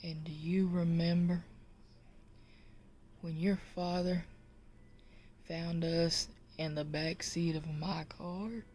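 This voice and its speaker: A woman voicing a weepy, solemn middle-aged husband in her own low, slow voice. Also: steady tone, darkish tone, slight background noise.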